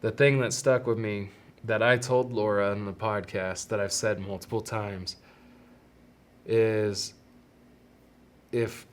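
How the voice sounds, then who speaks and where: A man hosting a solo podcast, talking earnestly and haltingly about fatherhood and fear of death, often restarting his sentences. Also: lowish voice. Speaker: podcast host. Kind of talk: reflective solo podcast monologue.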